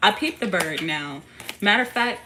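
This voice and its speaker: A woman's voice: medium pitch, expressive, moderate pace, pushed and bright, a little hiss or hum. A woman chatting casually on a tarot livestream, playful and slangy, often laughing and talking to a baby. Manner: playful and loose, teasing a baby between readings; slangy and profane, bursts into laughter. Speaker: tarot reader and streamer.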